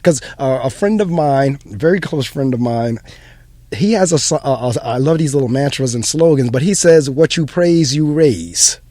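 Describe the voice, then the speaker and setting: A man's voice: medium pitch, animated, normal speed, mellow, dry recording. A man, an educator hosting an interview, agreeing with his guest and retelling stories. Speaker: host and educator. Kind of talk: conversational interview.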